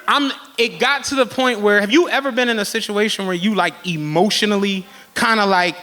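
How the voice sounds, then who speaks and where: A man hosting a podcast live on stage, telling a story with animated energy and plenty of swearing, often laughing as he talks. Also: high voice, fairly quick, hardly any pauses.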